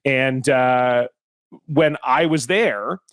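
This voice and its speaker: A man hosting a comedy podcast, telling stories in a lively, exasperated way and swearing freely. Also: mid-range voice, extremely slow, clean tone, no room sound, studio quality. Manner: animated, exasperated storytelling with frequent swearing. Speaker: podcast host. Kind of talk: casual comedic podcast chat.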